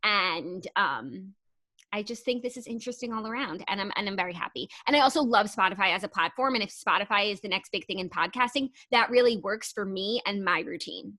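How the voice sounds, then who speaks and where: A young woman co-hosting a pop culture podcast, chatting casually with lots of "like" and getting animated and emotional over gossip. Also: medium pitch, brisk, dry recording. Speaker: podcast co-host. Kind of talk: casual chat.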